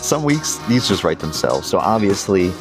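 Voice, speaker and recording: A man hosting a podcast in casual chat, chatty and quick to laugh, sometimes restarting his sentences. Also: low-pitched, big pitch swings, over music. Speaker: podcast host.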